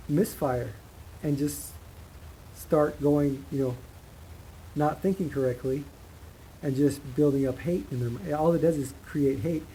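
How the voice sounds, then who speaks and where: A man delivers a rambling, emphatic opinion monologue straight to camera. His voice sits a little high yet sounds warm and mellow. A faint hiss of background noise lies under the recording. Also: poor audio. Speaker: commentary channel host.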